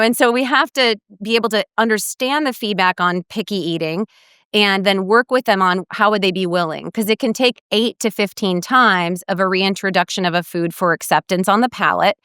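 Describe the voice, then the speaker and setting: A woman's voice: medium pitch, a bit bright, smooth, no room sound, clean studio sound. A middle-aged woman dietitian telling stories in a podcast interview, animatedly quoting others. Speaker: guest dietitian.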